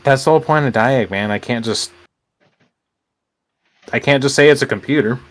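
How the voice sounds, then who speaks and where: Young man, from Illinois, casual gaming chat, meandering and hesitant, mid-pitched voice. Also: normal speed. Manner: rambling, hesitant with many fillers. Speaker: gamer host.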